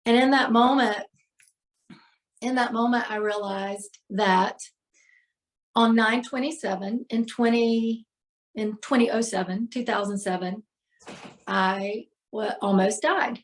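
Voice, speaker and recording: High-voiced woman telling a personal story. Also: takes it slowly, pauses often. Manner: emotional, animated retelling with many fillers. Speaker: podcast guest, healer.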